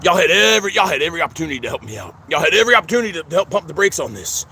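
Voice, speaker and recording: With a fairly high, sharp voice that swings widely in pitch, a middle-aged man races through a rambling personal vlog outdoors at a cemetery. He keeps calling his viewers "friends" and stumbles into stammering restarts. A little hiss or hum can be heard.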